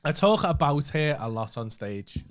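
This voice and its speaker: A man's voice: a little high, very animated, measured pace. A young man, a stand-up comedian, co-hosting a casual podcast with his partner, talking in a sweary, rambling, self-deprecating way. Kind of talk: casual couple's podcast chat.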